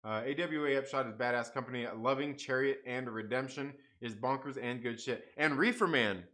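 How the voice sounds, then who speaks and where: Bright-voiced man rambling on a live stream. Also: mid-range voice, moderate pace. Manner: rambling, swears a lot, laughs often, reads chat aloud. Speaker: host of a live comics stream. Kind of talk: casual live-stream chat.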